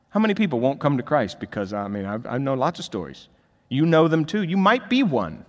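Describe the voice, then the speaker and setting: A man preaching a sermon as pastor, swinging between quiet asides and loud emphatic peaks in a large church hall. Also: mid-range voice, sing-song, moderate pace. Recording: long reverb of a large hall.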